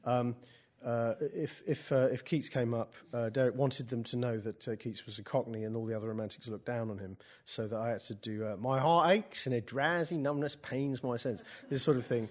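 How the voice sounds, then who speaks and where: A British author talks informally to a group of writers, pausing often with fillers and restarts. He reads passages from his book between wry asides, at an ordinary mid pitch. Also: steady tone, mellow. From Britain. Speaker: author reading and teaching writers. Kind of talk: informal talk with book readings.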